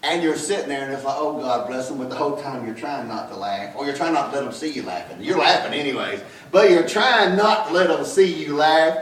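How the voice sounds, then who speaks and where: A man preaching a sermon from the pulpit, folksy and storytelling, breaking into scripture readings. His voice sits a touch high. The sound is roomy and echoing, picked up from some distance in a church sanctuary. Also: lively intonation, fairly quick, few pauses. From Georgia, US. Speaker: pastor. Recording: echoey church room, mic at a distance.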